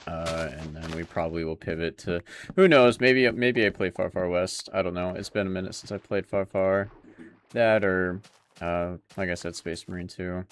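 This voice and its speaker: Casual gameplay commentary from a young male streamer, who keeps things easygoing and laughs frequently with his viewers. He speaks in a low voice at a normal speed.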